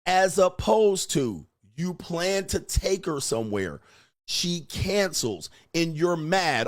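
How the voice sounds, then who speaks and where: A man's voice: high voice, expressive, slow pace. Blunt, emphatic man lecturing on dating. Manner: blunt, emphatic, profane, acts out quoted exchanges. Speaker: dating advice host. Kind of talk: lecturing monologue.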